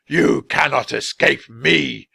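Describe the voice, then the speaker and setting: A man reading aloud and voicing an angry, grieving male ice wizard in a storybook, in a booming manner. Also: slow, vocal fry, pushed and bright, slightly rough, no room sound, clean studio sound, exaggerated voice. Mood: furious. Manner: booming, roars and cries out.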